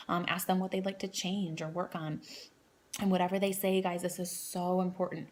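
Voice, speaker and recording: A woman's voice: on the low side, level tone, moderate pace, darkish tone. A woman in her thirties giving a casual training talk to new coaches, rambling with lots of fillers and restarts.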